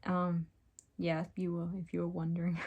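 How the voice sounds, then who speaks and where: A woman's voice: lowish voice, monotone, moderate pace, a little mellow, breathy edge, muffled recording. A young woman reading aloud stories she wrote as a child, breaking off for giggly, self-mocking asides. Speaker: reader of her childhood stories.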